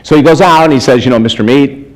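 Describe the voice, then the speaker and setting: Man, mid-pitched voice, spiritual speaker, storytelling sermon, animated, chuckling, acts out voices. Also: fast, slight background noise, rough recording. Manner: animated, chuckles often, acts out the voices of people in his stories. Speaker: spiritual speaker and life coach. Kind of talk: storytelling sermon to a live audience.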